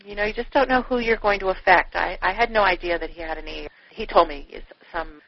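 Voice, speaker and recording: A woman author, a guest being interviewed, telling stories in an animated, effusive way, full of "you know" fillers. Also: mid-range voice, fairly quick, vocal fry. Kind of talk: chatty interview storytelling. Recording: dull, dry lo-fi radio audio.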